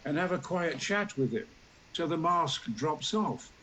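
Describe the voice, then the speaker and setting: Old yorkshire guy telling a story, pitched high and loud, acts out all the parts. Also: a little slow, slight background noise, low-quality recording. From Yorkshire, England. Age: 80s. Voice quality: booming, larger-than-life delivery with sudden loud outbursts. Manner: animated storyteller who acts out every character. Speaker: talk show guest. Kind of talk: theatrical anecdote telling.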